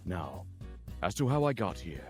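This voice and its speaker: A man doing a deep-voiced folksy cowboy. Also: big pitch swings, moderate pace, a little mellow, faint music behind. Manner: folksy drawl, rambling backstory.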